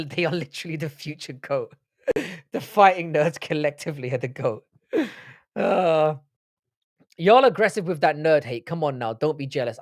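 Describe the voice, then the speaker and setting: A man's voice: fairly high pitch, no room sound, studio quality. Casual man chatting on a live stream. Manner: banter, reads and answers chat comments, swears. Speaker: livestream host.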